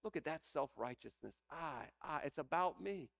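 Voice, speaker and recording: Gravelly-voiced man preaching a sermon. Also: on the high side, animated, normal speed, a bit bright. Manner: preaching with rising emphasis, reading scripture aloud. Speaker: pastor.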